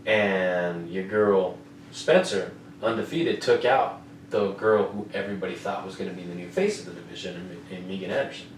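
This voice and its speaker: Profane, excitable man recapping fights. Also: sits low, moderate pace. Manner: profane, excitable, keeps asking "you know what I mean". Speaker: podcast host. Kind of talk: casual MMA fight recap. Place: home room with air conditioner. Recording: roomy, distant mic, faint noise.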